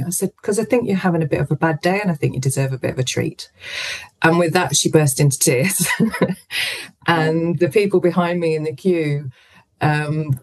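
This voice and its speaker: Woman guest on a radio show, telling a lively story, does the voices of people in it. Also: deep voice, poor audio. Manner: lively anecdotal storytelling, acts out quoted voices. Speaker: guest, businesswoman and author. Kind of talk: storytelling in an interview.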